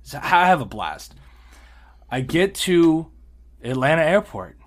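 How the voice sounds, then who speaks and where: A man on a casual podcast, talking in a voice pitched slightly above the usual for men. He tells stories in an animated way, swears freely and laughs through the telling. The delivery is loose, chatty and full of fillers. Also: unhurried. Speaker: podcast co-host. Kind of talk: casual storytelling chat.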